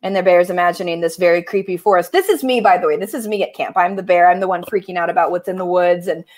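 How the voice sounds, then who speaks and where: A woman's voice: lowish voice, quick pace, darkish tone. A woman reading a picture book aloud over a video call, laughing often and poking fun at herself. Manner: giggly, self-deprecating, laughs often. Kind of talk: storytime reading with chat.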